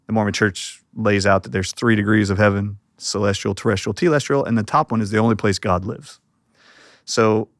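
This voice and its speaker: A man's voice: fairly low pitch, no room sound. Man telling a story in a dry, close sound. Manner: acts out quoted voices while telling a story. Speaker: interview guest. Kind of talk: animated storytelling in an interview.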